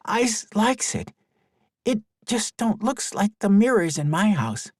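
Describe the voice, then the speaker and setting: A man's voice: big pitch swings, slow pace, darkish tone, no room sound, studio quality, exaggerated voice. A man voicing a blunt, earnest little boy who talks in childish broken grammar. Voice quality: high childlike voice, toddler grammar.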